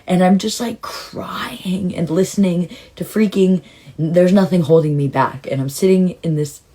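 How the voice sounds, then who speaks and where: A woman telling a personal story in a rambling, emotional way, full of "like" and sudden jumps into excited retelling. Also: unhurried, a little hiss or hum. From Southern California. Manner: rambling and emotional, heavy use of "like"; swings into excited, high-pitched retelling. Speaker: storytime vlogger. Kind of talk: casual storytelling monologue.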